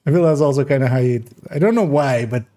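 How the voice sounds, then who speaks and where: A man's voice: mid-range voice, fast, warm tone. A man streaming a game live, in casual commentary, thinking aloud hesitantly as he works through numbers.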